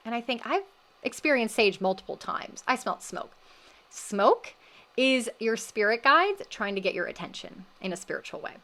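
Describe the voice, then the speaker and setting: A woman hosting a wellness podcast, recapping her experience in an animated, casual storytelling way and acting out the voices she quotes. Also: a little high, normal speed.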